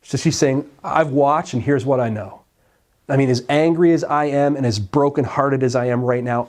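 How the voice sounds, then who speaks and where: A male pastor preaching a sermon, retelling a scripture story and acting out the dialogue with animated, conversational delivery. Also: mid-range voice, normal speed. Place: church sanctuary.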